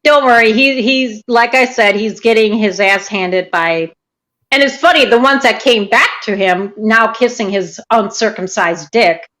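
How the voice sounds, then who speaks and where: A woman's voice: a little high, a little slow, a bit bright. A woman co-hosting a livestream, talking scornfully and mockingly about a rival. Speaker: livestream co-host. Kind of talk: heated livestream chat.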